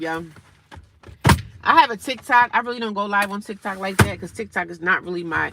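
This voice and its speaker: Woman in her 40s going live from her phone outside, chatty, reading off comments, loud traffic behind her. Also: fairly low pitch, low-quality recording. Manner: chatty, reads and answers viewer comments aloud. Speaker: live-streaming vlogger. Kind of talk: casual live-stream chat. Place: outdoors by her car. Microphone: phone on a tripod.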